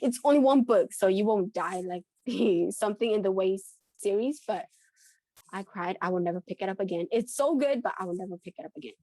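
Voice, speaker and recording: A woman's voice: medium pitch, fairly quick, dark tone, no room sound. A woman co-hosting a book podcast in casual chat, talking with many restarts and frequent laughs. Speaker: podcast co-host.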